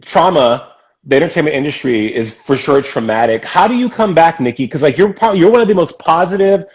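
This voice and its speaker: A man's voice: on the high side, expressive, a little fast, a little mellow, low-quality recording. A man hosting a casual interview, talking in an effusive, emphatic and encouraging way. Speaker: podcast host.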